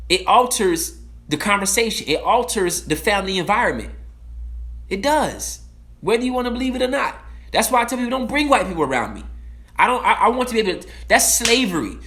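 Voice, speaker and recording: A man giving an impassioned, profane talk, blunt and emphatic, swinging from loud outbursts to low, slow asides. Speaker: speaker giving a timed talk. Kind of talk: impassioned monologue.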